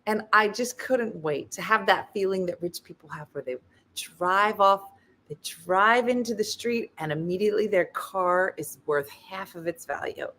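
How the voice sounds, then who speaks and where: A woman hosting a show, telling a comic story in a casual, animated way and acting out the voices of the people in it. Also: medium pitch, moderate pace. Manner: animated, acts out quoted voices. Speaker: host.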